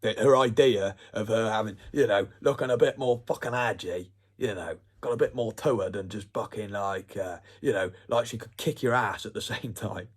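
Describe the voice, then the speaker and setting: A man talks in a long, meandering, profane monologue. His voice is low and husky, and his thoughts drift loosely from one point to the next. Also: moderate pace, few pauses. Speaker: vlogger. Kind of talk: rambling monologue.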